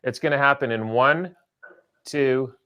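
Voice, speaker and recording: A man's voice: medium pitch, unhurried, sharp tone. A man hosting a live-streamed magic show, chatty and upbeat, joking about himself between tricks. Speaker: magician host.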